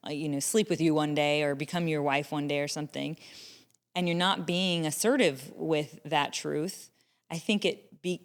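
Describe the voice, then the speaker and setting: A woman's voice: low voice, clear, resonant tone, big-room sound. A woman co-hosting a casual podcast conversation, explaining relationship ideas in an earnest way and swearing now and then. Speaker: podcast co-host, relationship coach.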